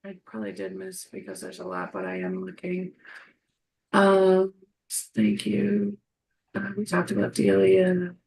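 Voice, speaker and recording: A woman hosting a casual live stream as a psychic medium, bubbly and excitable, laughing often. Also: medium pitch, measured pace, vocal fry.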